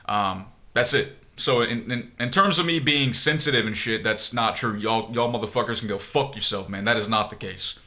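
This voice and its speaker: Man, vlogger, casual monologue, blunt, swears a lot, mid pitch, dull lo-fi audio. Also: normal speed, few pauses. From United States. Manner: blunt, profane, rambling with many fillers. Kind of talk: casual monologue answering a viewer email.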